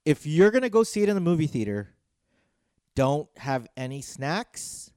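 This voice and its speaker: A man's voice: a little high, sing-song, moderate pace, warm tone, smooth, dry recording, studio quality. A man co-hosting a podcast in a laid-back, teasing way, often trailing off. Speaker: podcast co-host. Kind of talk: casual podcast chat.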